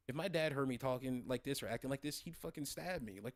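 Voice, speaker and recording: A young man in his twenties chatting on his own livestream, talking in loose, rambling runs with plenty of swearing and fillers. His voice sits at an ordinary pitch for a man. The sound is dry and close, with no room around it. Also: fast talker, no echo. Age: 20s. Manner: rambling, profane, many fillers and restarts. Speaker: streamer host. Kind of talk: casual livestream chat.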